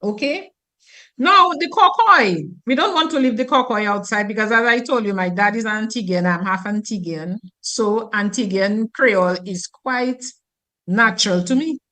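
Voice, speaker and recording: A woman teacher from Dominica, explaining grammar on the radio in an animated, teacherly way. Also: medium pitch, normal speed.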